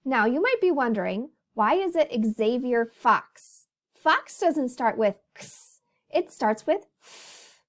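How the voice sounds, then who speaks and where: A woman teacher with a high voice walks young children through a phonics lesson. She speaks slowly and in an animated storytelling way, addressing them as boys and girls.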